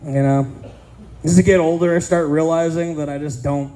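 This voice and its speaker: Brief: male stand-up comic, thirties, fairly high voice, crude self-mocking set, punchy timing. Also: steady tone, normal speed, dark tone, poor audio. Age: 30s. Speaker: stand-up comedian. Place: casino comedy stage.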